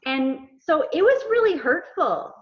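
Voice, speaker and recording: Woman, executive coach, high voice, animated storytelling, casual interview, dull lo-fi audio. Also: unhurried. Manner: animated storyteller acting out dialogue. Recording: dull lo-fi sound.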